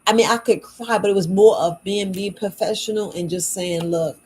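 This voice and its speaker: A tired, worn-out woman chatting late at night in a low voice. She talks casually to her viewers as a shop owner, repeating words for emphasis in folksy phrasing. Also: brisk, noisy background. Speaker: herbal shop owner selling wellness patches. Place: at home at night.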